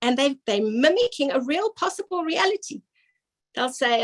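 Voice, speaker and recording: Woman teaching a torah class, high voice, earnest and explaining things. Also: expressive, normal speed, rough recording. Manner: earnest, explanatory, with Hebrew and Yiddish terms.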